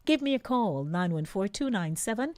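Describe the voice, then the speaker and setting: A woman with a Jamaican accent hosting a radio talk show, speaking in a lively way and slipping into patois. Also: medium pitch, normal speed, dry recording.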